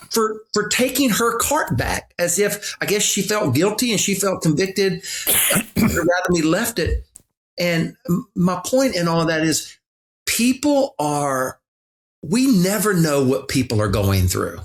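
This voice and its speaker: A man's voice: on the high side, sing-song, a little slow. A middle-aged man, a pastor guest on a podcast, talking earnestly and reflectively, often restarting his sentences. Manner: earnest storytelling with frequent restarts. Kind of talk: reflective conversation.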